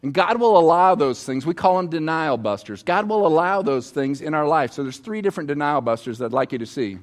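A man's voice: on the high side, animated, fairly quick. A middle-aged man preaching a sermon on stage, telling personal stories in a conversational way and asking the audience to respond. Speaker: pastor. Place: on stage before a congregation.

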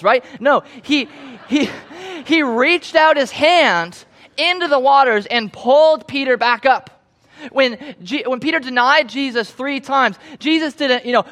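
High-voiced young man preaching conversationally. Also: sharp tone. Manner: conversational storytelling, acting out quoted voices. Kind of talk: sermon.

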